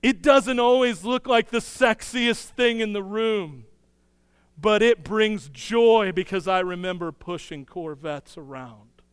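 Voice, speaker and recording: A man delivers a sermon in a high, smooth voice, slipping into quick acted-out dialogue as he tells his story. His voice carries a long reverb from a large hall. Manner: animated storytelling, acts out dialogue in quick bursts. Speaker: pastor.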